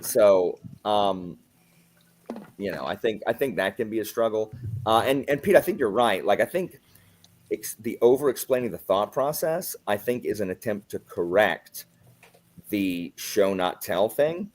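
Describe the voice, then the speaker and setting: A man's voice: on the low side, animated, measured pace. A man in casual book-club chat, ranting with sarcasm and putting on mock quotes. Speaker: book club podcast host.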